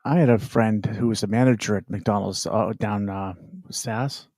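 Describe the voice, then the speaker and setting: A man's voice: lowish voice, steady tone, moderate pace, a little mellow, no echo, clean studio sound. A man in casual chat, telling old stories with a laugh. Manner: laughing anecdotal storyteller.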